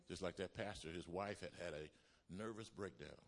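A man preaching a sermon as pastor, swinging between loud exhortation and low, quiet passages. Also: normal speed. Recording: long hall reverb.

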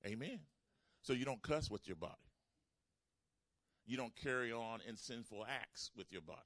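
A man's voice: mid-range voice, animated, moderate pace, fairly bright tone, no room sound. A man preaching a sermon. He calls for responses from the congregation and repeats phrases for emphasis. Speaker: pastor.

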